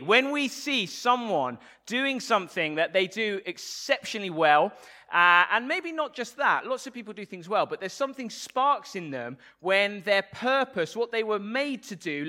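A man's voice: high voice, sharp tone. A man preaching a Sunday sermon, playful and asking the congregation questions.

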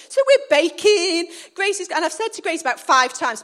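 Lady preaching on stage, super high voice, tells stories animated. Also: normal speed, few pauses. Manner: animated storytelling, acting out scenes. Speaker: church speaker. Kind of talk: sermon with personal story.

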